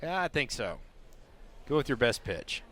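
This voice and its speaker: A man giving relaxed color commentary on a baseball game, explaining plays. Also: mid-range voice, moderate pace, slight background noise. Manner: relaxed, explanatory, many fillers. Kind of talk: live baseball analysis.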